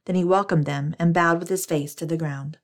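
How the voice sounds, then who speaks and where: A woman narrating scripture in a steady, measured reading. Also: fairly low pitch.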